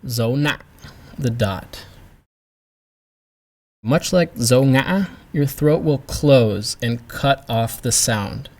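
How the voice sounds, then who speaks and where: A man teaching a pronunciation lesson, speaking deliberately and demonstrating each sound with care. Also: medium pitch, a little mellow. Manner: slow, deliberate, modelling sounds. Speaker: language teacher.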